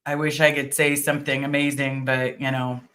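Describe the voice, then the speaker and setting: Reading viewer comments aloud and answering each in turn, a middle-aged livestream host chats casually in an earnest, thankful way, with lots of ums and little restarts. Her voice is a low rumble yet bright and clear, with a level tone at normal speed.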